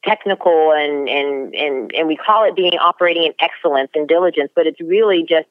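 A woman's voice: low-pitched, a little fast, no echo. Earnest woman author on a dull line. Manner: earnest, emphatic, stumbles into repeated words. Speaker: author guest. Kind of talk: faith-based motivational talk.

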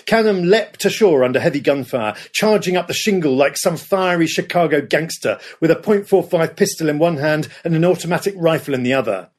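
Male documentary narrator, husky and fairly high voice, dramatic storytelling. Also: fairly quick, few pauses. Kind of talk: scripted history narration.

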